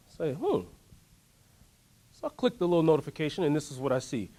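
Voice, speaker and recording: A man giving a motivational workshop talk, telling a story in an animated way and asking the audience to join in. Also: fairly high pitch, moderate pace, long pauses. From United States. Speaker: workshop speaker. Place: workshop room.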